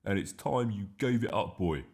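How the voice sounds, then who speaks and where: A man voicing a stern, exasperated father in a storybook, gruff and blustering. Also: lowish voice, expressive, moderate pace, darkish tone.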